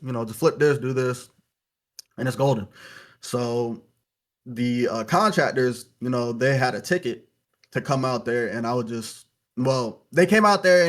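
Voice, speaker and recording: A young man from Louisiana speaks as a podcast guest, his voice sitting at an ordinary middle pitch. He tells his story loosely and reflectively, threading "you know" through nearly every thought. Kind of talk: casual interview storytelling.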